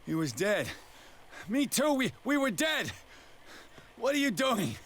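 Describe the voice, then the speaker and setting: A man's voice: very high voice, big pitch swings, a little slow, heavily acted. An actor playing a frightened young male police officer in a horror video game, panicking in restraints. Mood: panicked. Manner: panicked, shouting.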